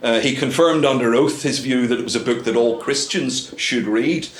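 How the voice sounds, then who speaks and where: A man's voice: mid-range voice, normal speed. A man giving a witty talk to a club audience. He has a mid-range voice and drops dry asides between hesitant ums. The room is echoey, with a faint hum of noise behind him. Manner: wry, dry asides with many ums and uhs. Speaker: guest speaker.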